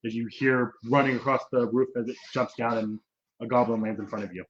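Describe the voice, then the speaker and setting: A man's voice: mid-range voice, fairly even intonation, a little fast, lo-fi sound, very noisy. Man narrating as game master. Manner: loose, swearing, with fillers and restarts.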